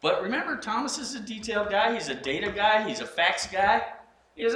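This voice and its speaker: Animated male pastor mid-sermon, bright voice, echoey room. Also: sits high, brisk. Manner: animated, acts out scenes, frequent restarts.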